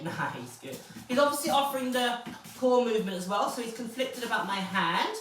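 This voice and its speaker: A woman dog trainer, explaining steps calmly and then praising the dog in a high, excited voice. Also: normal speed, slight background noise. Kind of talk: live training session commentary. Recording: very echoey, distant from the mic.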